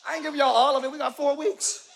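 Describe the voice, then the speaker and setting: A man preaching a live sermon in a church, shouting his points and calling on the congregation to answer. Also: very high-pitched, flat delivery, fast talker, vocal fry, slight background noise. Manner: preaching with shouted emphasis and call-and-response to the congregation. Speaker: pastor. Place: church sanctuary.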